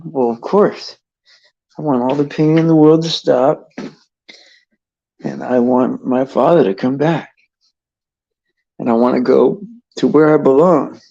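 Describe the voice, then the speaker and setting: Slow, dark-voiced man chatting on a stream. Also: mid-range voice, gravelly, no room sound. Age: adult father of a son over eight. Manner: halting, repeats words, many fillers. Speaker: livestream host. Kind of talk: casual faith livestream chat and prayer. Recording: dull lo-fi stream mic.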